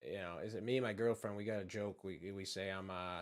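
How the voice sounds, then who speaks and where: A man's voice: low voice, level tone, moderate pace, pauses often. A man from just south of Boston with a Boston accent, chatting in a rambling, profane, laid-back way while he draws. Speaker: channel host. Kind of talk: casual chat while drawing.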